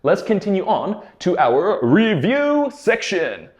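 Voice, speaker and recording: A man teaching everyday English phrases, explaining clearly and slowing down to model each one. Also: sits high, huge pitch swings. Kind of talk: English pronunciation lesson. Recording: roomy echo.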